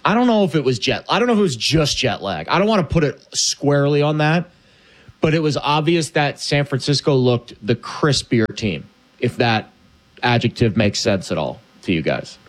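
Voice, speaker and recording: Male co-host, mid pitch, loose rambling sports chatter. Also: lively intonation, normal speed. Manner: rambling, restarts sentences, easygoing. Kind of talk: casual sports talk.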